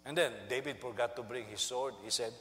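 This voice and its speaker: Animated male pastor in echoey hall. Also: a little fast, slight background noise. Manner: animated storytelling, acts out quotes in high voices, laughs at own jokes. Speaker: senior pastor. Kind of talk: sermon.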